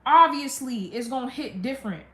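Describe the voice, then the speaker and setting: A woman's voice: sits high, expressive, a little fast, pushed and bright. A young woman on a live stream, venting a blunt, profane storytime rant about her family. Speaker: livestreamer. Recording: roomy echo.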